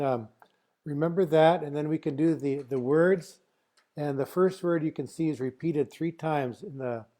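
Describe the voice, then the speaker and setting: A man teaching a song over a video call, speaking in a halting way with many filler pauses. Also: fairly high pitch, mellow. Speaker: flute player teaching a song.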